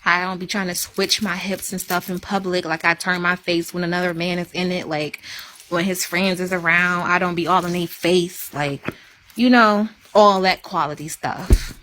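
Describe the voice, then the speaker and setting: A woman's voice: fairly low pitch, fairly even intonation, moderate pace, sharp tone, slight background noise. A woman chatting casually on a live stream, emphatic and repetitive for effect. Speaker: livestreamer.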